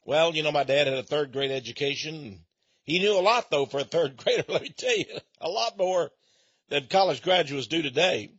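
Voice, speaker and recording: A man from Texas spins a folksy monologue with chuckling asides. His voice sits high and swoops up and down. The sound is husky and dull, with no room around it. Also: lively intonation, normal speed, a bit bright, no echo. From Texas, USA. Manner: chatty storyteller, chuckling asides.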